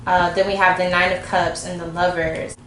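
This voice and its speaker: A woman's voice: fairly low pitch, little pitch movement, moderate pace, fairly bright tone. A woman giving a casual, informal tarot reading to camera, chatty and talking straight to the viewer. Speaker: tarot reader. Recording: echoey room, faint background noise.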